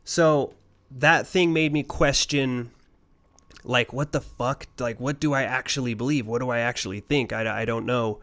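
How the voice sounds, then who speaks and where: A man's voice: mid-range voice, normal speed, a bit bright. A man co-hosting a casual podcast spins a long, rambling ghost story in an ordinary mid-range voice. His talk is loose and peppered with swearing. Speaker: podcast co-host.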